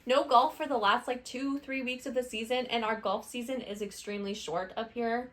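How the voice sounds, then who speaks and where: A woman's voice: fairly high pitch, steady tone, moderate pace, a bit bright. Chatty woman podcast co-host. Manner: chatty storyteller, friendly. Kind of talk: casual chat.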